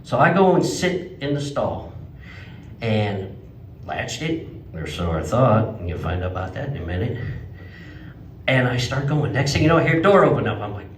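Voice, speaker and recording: A man's voice: big pitch swings, moderate pace, long pauses, a little hiss or hum. Folksy man in an echoey hall. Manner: folksy storyteller, voice jumps high for quoted outbursts. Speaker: stand-up comedian. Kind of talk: stand-up comedy set. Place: legion hall stage before a live audience. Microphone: handheld microphone, picked up from some distance. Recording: echoey hall, mic at a distance.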